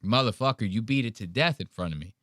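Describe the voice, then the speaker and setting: A man's voice: lowish voice, quick pace, dry recording, studio quality. A man hosting a podcast, ranting in casual chat with lots of swearing. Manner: profane, ranting, animated. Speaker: podcast host.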